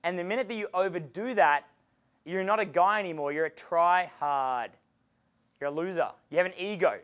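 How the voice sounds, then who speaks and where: High-pitched man, Australian accent, live seminar, animated, swears often. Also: moderate pace, clear, resonant tone. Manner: animated, acts out dialogues, swears freely. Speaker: dating coach giving a seminar. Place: seminar room with an audience.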